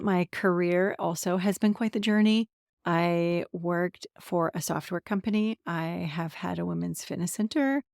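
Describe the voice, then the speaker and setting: A woman in her forties from central Pennsylvania, a somatic transformation coach, hosts her own solo podcast and talks candidly about herself, laughing often. Her voice is fairly low and creaky, in a dry, clean studio recording.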